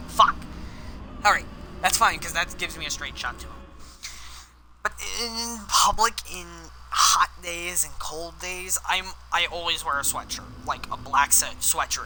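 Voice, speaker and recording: Sharp-voiced young man streaming a game. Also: a little high, poor audio. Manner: rambling, candid, swears often at the game. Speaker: gaming streamer. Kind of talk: live game commentary with personal confession.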